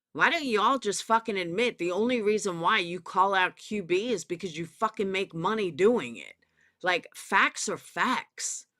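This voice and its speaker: A woman's voice: lowish voice, pushed and bright. A woman with a Southern US accent giving a profane, sarcastic commentary rant, calling people out directly. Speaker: commentary YouTuber. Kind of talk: ranting drama commentary.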